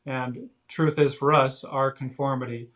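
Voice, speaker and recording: A man speaking as an interview guest in casual chat, halting, with frequent fillers and restarts. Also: medium pitch, steady tone, fairly bright tone. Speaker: guest author.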